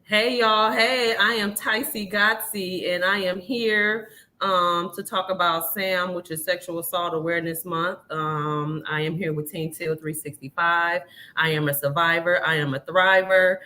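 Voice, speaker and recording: A woman's voice: fairly low pitch, fairly even intonation, measured pace, bright, forceful tone. A woman guest on a live video-call podcast, speaking in a cheerful, affirming way. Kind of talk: casual podcast chat.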